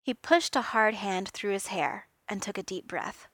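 A woman reading a fan fiction story aloud in an expressive, lively way. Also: medium pitch, moderate pace, no room sound. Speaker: reader.

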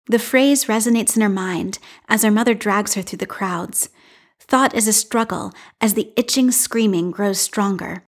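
A woman's voice: medium pitch, breathy edge. Woman reading a story aloud. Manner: measured, expressive reading. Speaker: podfic reader. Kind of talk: storybook narration, read aloud.

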